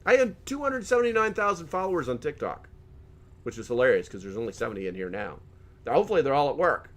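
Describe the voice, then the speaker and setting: A middle-aged man hosting a live stream in casual chat, joking as he reads viewer comments aloud and often laughing. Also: mid-range voice.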